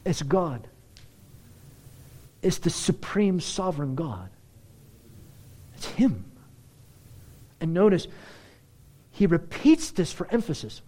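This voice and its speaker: Animated male preacher, high lively voice. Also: slow, long pauses. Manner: animated preaching, rising to excited emphasis. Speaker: pastor. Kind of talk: sermon.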